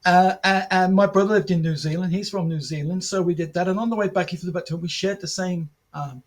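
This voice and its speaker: High-voiced man telling stories. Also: fairly quick. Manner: animated anecdotes, acts out quoted dialogue, frequent restarts. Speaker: podcast guest, martial arts film promoter and author. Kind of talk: casual podcast storytelling.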